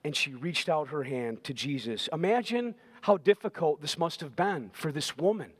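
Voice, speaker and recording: A male pastor with a notably high voice preaches with emphasis. He hammers phrases again and again and builds them up into loud, driving passages. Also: animated, normal speed, husky. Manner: emphatic, repeating phrases, swelling to loud intensity. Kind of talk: sermon.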